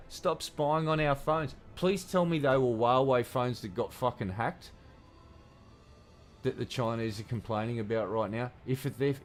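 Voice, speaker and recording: A man with an Australian accent giving casual, profane, ranting commentary while streaming a game. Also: mid-range voice.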